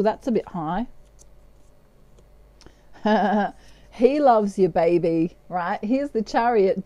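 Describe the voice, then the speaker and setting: A woman's voice: mid-range voice, lively intonation, takes it slowly, pauses often, dark tone, no room sound. A woman giving a casual tarot reading in a playful way, often slipping into bits of song. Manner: playful, breaks into snatches of song and laughs. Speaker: tarot card reader.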